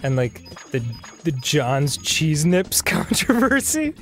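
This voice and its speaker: A man's voice: a little high, big pitch swings, slow pace, fairly bright tone, soft background music. A man co-hosting a gaming show in casual chat, telling stories animatedly, laughing often and swearing freely.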